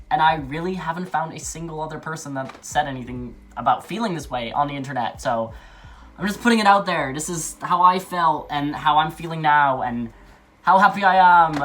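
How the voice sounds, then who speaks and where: A man's voice: a little high, a bit bright, slight background noise. A young adult man talking candidly in a personal vlog, rambling with restarts and nervous laughs. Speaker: vlogger.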